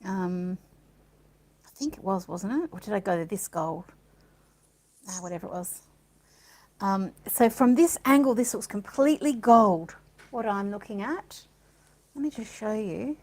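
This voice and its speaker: A woman's voice: medium pitch, a little slow, pauses often, a little mellow, poor audio. Chatty woman thinking aloud while painting. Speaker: art supplies presenter. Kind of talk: casual art demonstration.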